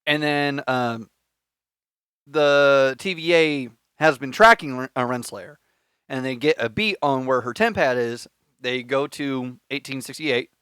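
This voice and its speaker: A man's voice: medium pitch, unhurried, fairly bright tone, clean tone, no echo, clean studio sound. A man hosting a podcast, casually recapping an episode in a rambling way with filler words and swearing. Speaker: podcast host.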